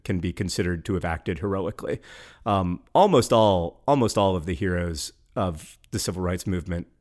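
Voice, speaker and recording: A man with a fairly low voice talks in a loose, conversational way. He is wry and enthusiastic, stacking fillers and restarts as he goes. He sounds like a regular co-host of a casual talk show. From American South. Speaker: podcast co-host. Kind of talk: casual chat.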